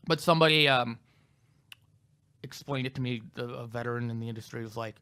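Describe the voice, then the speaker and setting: A man's voice: mid-range voice, a little fast, pauses often, bright, forceful tone, clear, resonant tone. A male comedian co-hosting a podcast, telling candid, self-deprecating stories in casual chat. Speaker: comedian co-host.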